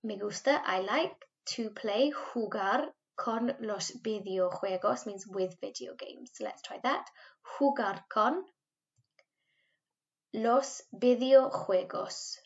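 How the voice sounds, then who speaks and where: A woman's voice: medium pitch, creaky, highs cut off. Patient Welsh woman teaching Spanish. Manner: patient, modelling words slowly for repetition. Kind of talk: recorded remote language lesson.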